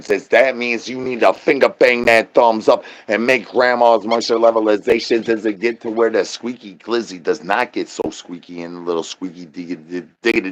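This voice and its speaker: A man doing an absurd comic rant, rambling nonsense and doubling words in a sing-song way, with catchphrases he drags out into a slow chant. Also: fairly low pitch, dull audio.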